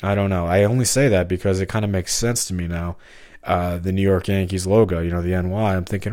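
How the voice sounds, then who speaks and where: A man's voice: sits low, steady tone, fairly quick, darkish tone, no room sound, clean studio sound. A man hosting a solo podcast, talking in a meandering monologue that keeps jumping between topics and interrupting itself. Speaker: podcast host.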